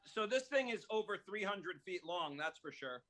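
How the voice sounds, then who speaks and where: Bright-voiced man, eager storyteller. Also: high voice, lively intonation, normal speed. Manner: enthusiastic, telling about a visit. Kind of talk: casual chat.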